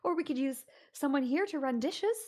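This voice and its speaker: A woman's voice: sits high, expressive, moderate pace. Woman doing a doting, gossipy motherly woman. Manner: warm, doting, curious.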